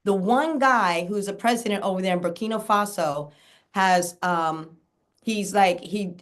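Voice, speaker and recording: A woman's voice: medium pitch, measured pace. A woman guest, a documentary filmmaker, chatting casually and enthusiastically in an interview, with many fillers and run-on thoughts.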